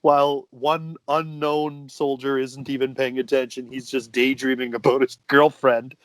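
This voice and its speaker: Male podcast co-host, middle pitch, chatty and quick to laugh, dry sound. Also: little pitch movement, no room sound. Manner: laughs often, reads out quotes. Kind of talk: casual movie review chat.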